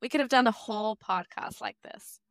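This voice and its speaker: A woman's voice: on the high side, a little fast, creaky, a bit bright, dry recording, clean studio sound. British woman doing a bubbly American gal. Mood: playful.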